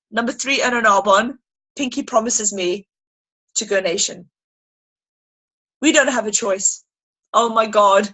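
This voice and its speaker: A high-pitched woman with a bright, husky edge gives a rousing training talk to her team on a video call. She is animated and emphatic, and she acts out little scenes with lots of energy. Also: rough recording. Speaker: sales team leader.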